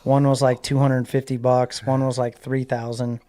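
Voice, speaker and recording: A man in his forties from Southern California, a guest in a casual interview, telling a story in an animated way. He fills his talk with likes and you-knows and acts out what people said. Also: medium pitch, moderate pace.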